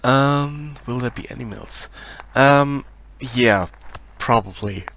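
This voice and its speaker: A man from Germany with a German accent, casually talking through his game project on a live stream, hesitant, with many pauses and restarts. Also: medium pitch, fairly bright tone. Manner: hesitant, many ums and restarts, laughs shyly.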